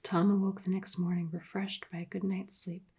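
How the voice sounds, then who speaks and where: A woman narrating an adventure book in a soft-spoken ASMR reading, hushed and partly whispered. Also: mid-range voice, little pitch movement, moderate pace, slight background noise.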